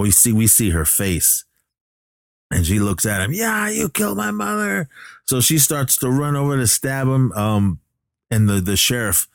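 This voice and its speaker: A man's voice: sits low, dry recording, studio quality. A man casually recapping a horror film, rambling and correcting himself with many fillers. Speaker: movie recapper.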